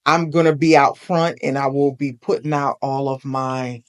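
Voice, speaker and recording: A woman's voice: very deep voice, fairly even intonation. Older woman, Brooklyn-born, New York accent, sassy, playful, casual chat. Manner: sassy, playful, drawn-out emphasis. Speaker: guest, host's mother.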